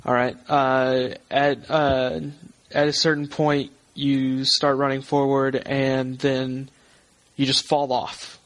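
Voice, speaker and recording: A man narrating a tabletop horror game as game master over a voice call, with halting, filler-heavy narration. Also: mid-range voice, flat delivery, low-quality recording. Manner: halting, many fillers and restarts.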